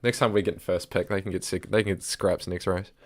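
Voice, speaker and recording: Laid-back young man, lowish voice. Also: steady tone, brisk. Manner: laid-back, joking, chatty. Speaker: livestream co-host. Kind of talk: casual watch-along commentary.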